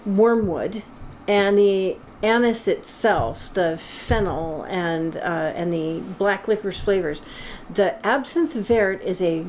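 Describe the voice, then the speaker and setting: A knowledgeable woman talks through the details at an easy, explanatory pace, often pausing on an um. Her voice sits at an ordinary pitch, with faint noise behind it. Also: a little mellow, poor audio. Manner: knowledgeable, explanatory, with frequent ums. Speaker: absinthe expert co-host. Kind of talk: casual explanatory chat.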